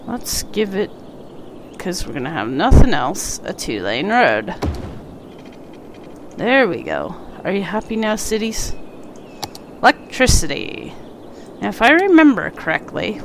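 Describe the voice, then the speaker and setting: A woman's voice: mid-range voice, gravelly, noisy background. A congested woman casually chatting on a live stream while she plays a city-building game, rambling and talking back to the game. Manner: rambling, talks to the game and a pet. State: congested, stuffy.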